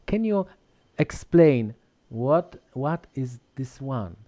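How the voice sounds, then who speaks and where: A man co-hosting a live online dance lesson, asking questions in halting, broken English with many restarts. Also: mid-range voice, big pitch swings, dark tone. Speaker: co-host.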